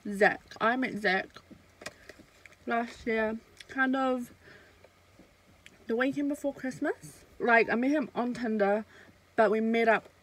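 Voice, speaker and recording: A woman's voice: a little high, fairly bright tone, low-quality recording. Chatty young New woman. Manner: casual chatty storytelling while eating, many fillers. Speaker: vlogger. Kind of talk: storytime mukbang vlog.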